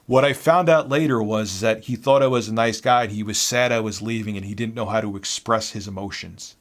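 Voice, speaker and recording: A man in his thirties casually telling a work story in an animated, exasperated way. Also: lowish voice, fast. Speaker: YouTuber.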